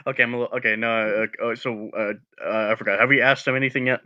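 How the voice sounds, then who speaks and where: A man's voice: medium pitch, steady tone, quick pace, sharp tone, no room sound, muffled recording. A man taking part in a tabletop game, talking animatedly with stammered restarts. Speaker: player. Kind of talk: casual tabletop play.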